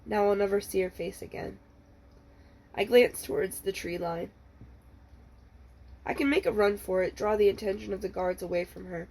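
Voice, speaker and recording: A woman librarian reading the first chapter of a novel aloud, in a steady, measured storytelling manner. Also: medium pitch, poor audio.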